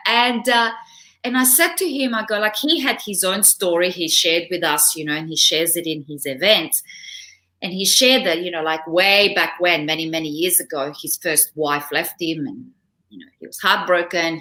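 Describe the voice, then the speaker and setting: A middle-aged woman guest, a relationship coach, talks through personal stories in a casual interview. Her voice is bright and ringing, and she laughs easily as she goes. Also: lowish voice, moderate pace. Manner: animated storytelling, laughs often.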